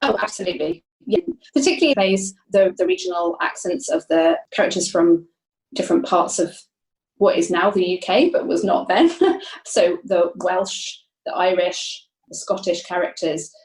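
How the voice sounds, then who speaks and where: A woman's voice: fairly low pitch, lively intonation, normal speed, a little mellow. A woman guest, an academic, explaining her research in a thoughtful interview, often restarting her phrases. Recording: roomy, echoey sound.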